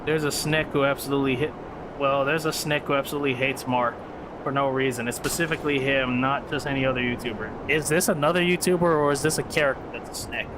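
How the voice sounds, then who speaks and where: A man's voice: medium pitch, steady tone, fast. A man streaming, casually telling a rambling story to his chat. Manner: rambling, restarts, addresses chat. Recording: air-conditioner hum behind.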